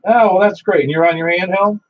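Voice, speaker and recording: A man's voice: sits high, fairly quick. A man running an amateur radio net, chatting and telling stories with an easy laugh. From Niagara Falls, New York. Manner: chatty, storytelling, laughs easily. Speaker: net control operator. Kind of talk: ham radio net chat. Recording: muffled lo-fi radio audio.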